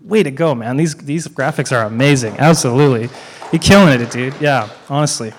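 Guest preacher, male, mid-pitched, emphatic with dramatic repeats and playful asides, long hall reverb. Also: a little hiss or hum. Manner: emphatic, repeats key lines with dramatic pauses; joking asides to the congregation. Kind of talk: sermon.

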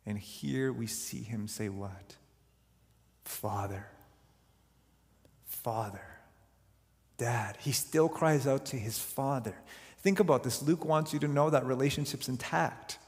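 A male pastor delivering a sermon, earnest and unhurried, slowing down to dwell on the words that matter to him. His voice carries a gravelly fry. It rings out with the long reverb of a church sanctuary. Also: mid-range voice.

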